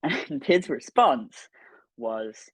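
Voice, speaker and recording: A man, a guest voice actor, telling a lively personal anecdote on an interview stream, swearing freely and acting out the dialogue. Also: medium pitch, drawn-out words, husky, no echo, rough recording. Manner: animated, swears freely, acts out quoted dialogue. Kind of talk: storytelling anecdote.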